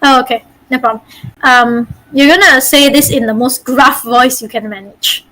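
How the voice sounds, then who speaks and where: A woman's voice: sits high, fairly even intonation, normal speed, pushed and bright, rough recording. A woman from Malaysia, a game master teaching voice acting over a group call, chatty and encouraging. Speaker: game master leading a workshop.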